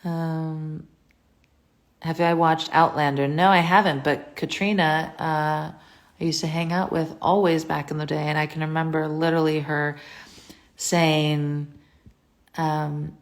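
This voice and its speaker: A woman's voice: sits low, little pitch movement, measured pace. A woman hosting a casual livestream from home into a phone, chatty and scattered, reading viewer comments aloud and answering them.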